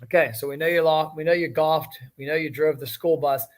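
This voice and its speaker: Joking, animated man hosting. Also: on the high side. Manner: joking, storytelling, fast and animated. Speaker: podcast host. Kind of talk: casual chat.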